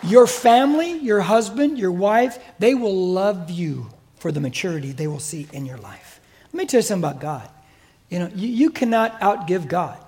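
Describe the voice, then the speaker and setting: His high voice is animated and slightly mellow, with a touch of roughness, moving at a moderate pace. He's an older American-accented pastor giving an emphatic, exhorting sermon in church and mimicking listeners' excuses.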